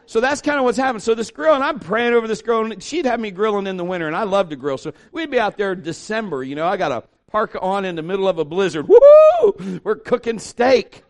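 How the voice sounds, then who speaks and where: A man's voice: high voice, fast, few pauses. A middle-aged man, a pastor, preaching a sermon through a folksy, humorous story and acting out the voices of the people in it.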